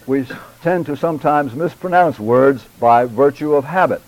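A man lecturing a church class on public speaking, enunciating deliberately and stressing key words, sometimes addressing students by name. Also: mid-range voice, a little mellow, no room sound, poor audio. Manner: measured, emphatic, deliberate enunciation.

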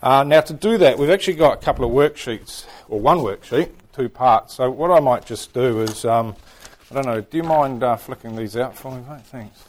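A man's voice: mid-range voice, normal speed. A man with a New Zealand accent teaching a Bible class, chatting and joking with his students. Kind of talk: casual classroom lecture.

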